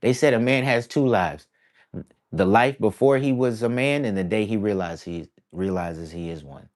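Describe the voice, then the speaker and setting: Low-voiced man musing casually to camera. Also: normal speed. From East Coast of the United States. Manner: rambling, reflective, peppered with "bruh" and "y'all". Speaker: artist vlogger.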